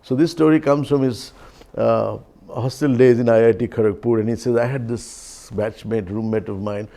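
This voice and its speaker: A man giving an unhurried, reflective talk, weaving stories with gentle humor. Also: mid-range voice, steady tone, vocal fry. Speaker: speaker on leadership and mindfulness.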